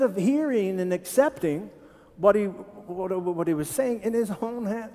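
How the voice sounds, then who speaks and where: A pastor preaching a sermon, animated and quizzing his congregation with questions. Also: high-pitched, measured pace. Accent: Ohio. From Tennessee. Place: church sanctuary. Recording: church hall with long reverb.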